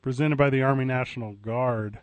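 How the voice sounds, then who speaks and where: A man's voice: medium pitch, steady tone, dry recording. A male sports radio host in a studio, joking and needling his co-host. His voice sits mid-range. The sound is close and dry. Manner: playful, jokey, quick to tease. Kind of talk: casual radio banter. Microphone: studio microphone.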